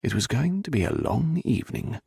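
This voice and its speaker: A male audiobook narrator reading a romance in an expressive, scripted style. His voice is gravelly with lively pitch, recorded close and dry. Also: normal speed, dry recording.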